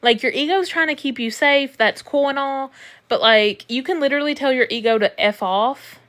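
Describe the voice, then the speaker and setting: A woman's voice: high-pitched, normal speed, fairly bright tone. A young woman coaching viewers through a live stream in a chatty, reassuring way, swearing now and then. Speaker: manifestation coach.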